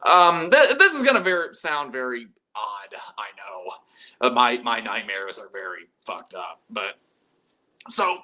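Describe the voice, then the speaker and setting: This metal YouTube host has a slightly high, bright voice with a forceful tone. On his casual live stream about metal music he goes through viewer messages, rambles with lots of energy, and swears freely.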